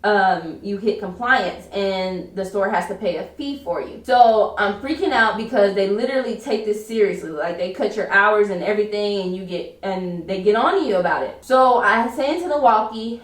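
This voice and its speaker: A woman's voice: mid-range voice, normal speed, hardly any pauses. Chatty woman in a roomy room. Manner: chatty retelling full of "like". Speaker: vlogger. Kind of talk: storytime vlog. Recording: roomy, distant from mic.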